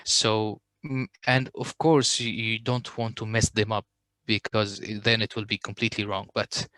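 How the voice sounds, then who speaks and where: A smooth-voiced man teaching recitation. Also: on the low side, flat delivery, pushed and bright, dry recording. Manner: patient explaining, recites Arabic examples slowly; hesitant when answering questions. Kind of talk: online tajweed lesson.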